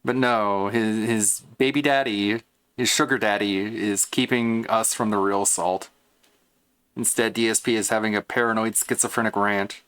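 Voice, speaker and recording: A man's voice: lowish voice, fairly even intonation, moderate pace, a bit bright, clean tone. A man streaming and reacting to clips in casual commentary, mocking and swearing as he rants. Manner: mocking, profane ranting.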